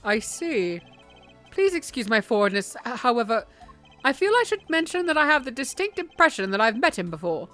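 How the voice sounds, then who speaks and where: A woman voicing a composed, formal male prosecutor who speaks in a polite, measured way. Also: fairly high pitch, sing-song, fairly bright tone, soft background music.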